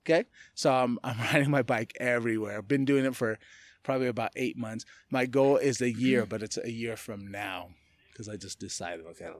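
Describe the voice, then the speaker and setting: Man from California, podcast guest, animated storyteller, mid-pitched voice, dry close sound. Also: no room sound. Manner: animated, acts out other people's lines in quick voices; laughs often through his story. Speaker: podcast guest, martial arts gym owner. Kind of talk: casual storytelling.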